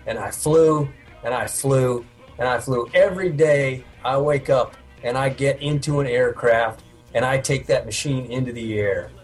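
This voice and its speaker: A man co-hosting a podcast drives a long, crude bar joke with steady, mid-pitched delivery. He laughs easily through the banter, and soft music sits faintly underneath. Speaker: podcast co-host. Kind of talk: casual chat, telling a long joke.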